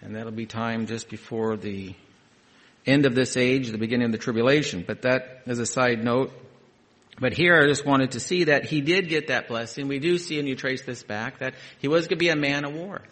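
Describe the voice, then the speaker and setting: A man preaching a sermon, reading scripture aloud and adding conversational, quietly emphatic asides. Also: medium pitch, moderate pace.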